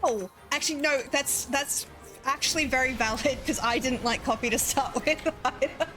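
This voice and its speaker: A young woman with a high, bright voice chats with her viewers while she games. She giggles often and talks easily. Soft game music sits underneath. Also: normal speed. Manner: giggly, chatty, reads chat aloud. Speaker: game streamer. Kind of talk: casual live-stream chat.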